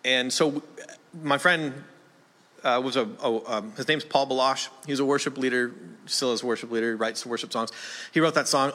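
Bright-voiced stand-up comic in a reverberant hall. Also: male voice, mid-range voice, fairly quick. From small town in Canada. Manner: rambling, conversational, keeps asking the room questions. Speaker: stand-up comedian. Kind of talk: stand-up comedy set.

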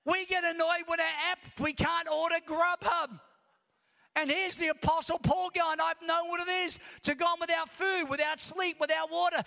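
A male pastor preaching with a very high, sharp-edged voice, a gravelly rasp running under his words. He reads scripture in long rhythmic lists and climbs into shouts, and his voice rings with the long reverb of a large church hall. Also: flat delivery, moderate pace. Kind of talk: preaching a sermon.

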